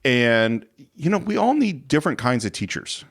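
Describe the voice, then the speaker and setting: A man with a lively, swinging pitch recaps a classic film for his podcast co-host. He talks casually and animatedly, and he keeps slipping into quick character voices as he tells each scene. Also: creaky. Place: podcast studio.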